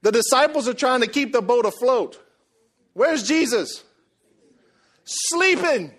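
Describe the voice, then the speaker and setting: High-voiced animated preacher man. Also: slow pace. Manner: animated, jokey storytelling, acts out voices. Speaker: pastor. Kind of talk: sermon.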